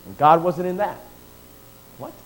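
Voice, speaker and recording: A man preaching a sermon who swings from quiet asides to loud, drawn-out emphatic lines and reads scripture aloud. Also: sits high, poor audio. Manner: reads scripture in King James wording.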